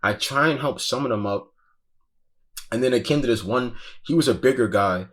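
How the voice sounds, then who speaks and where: His voice is mid-range and a bit bright, at normal speed. The man is a guest recalling a festival crowd crush he lived through, telling it casually with slang, swearing and constant "bro," in an intense, breathless retelling.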